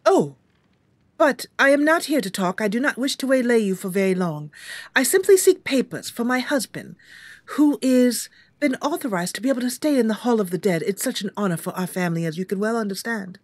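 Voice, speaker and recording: A woman's voice: lively intonation, brisk, no room sound. Woman putting on a prim formal noblewoman. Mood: courteous, wheedling. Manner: old-fashioned formal speech, shrill screaming when attacked.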